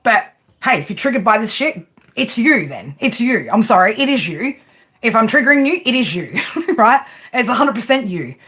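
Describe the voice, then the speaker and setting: Very animated and sharp-toned, a woman with a high voice reads tarot and rants unscripted on stream at a moderate pace. Profane and confrontational, she leans on rhetorical questions and a steady stream of "right?".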